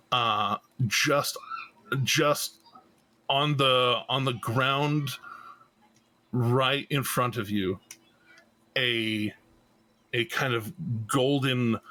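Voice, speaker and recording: A man narrating as game master of a tabletop game, halting and restarting often. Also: medium pitch, pushed and bright, rough recording. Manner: slow, halting narration with many fillers and restarts.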